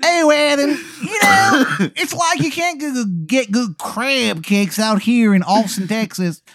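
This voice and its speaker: A man's voice: extremely high pitch, expressive, unhurried, a bit bright, dry recording, clean studio sound, voice pushed up, full character voice. A man voicing a sleazy male wizard with an exaggerated, sludgy Maryland accent who calls everyone hun. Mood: wheedling. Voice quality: sludgy, grating.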